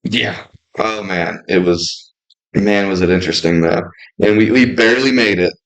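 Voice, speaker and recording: A man co-hosting a podcast, telling a story in relaxed, teasing casual chat. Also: deep voice, normal speed, poor audio. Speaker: podcast co-host.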